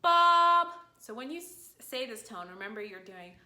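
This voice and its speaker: A woman teaching a video lesson in an animated way, her voice swooping up high when she acts out calling a dog. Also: a little fast. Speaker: language teacher. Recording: echoey room.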